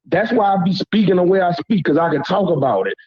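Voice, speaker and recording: A husky-voiced Louisiana man with a Southern drawl calls into a live panel and vents in blunt slang, repeatedly stopping to ask "you hear me." His voice is fairly high for a man with lively intonation, and the heated call sounds muffled and lo-fi.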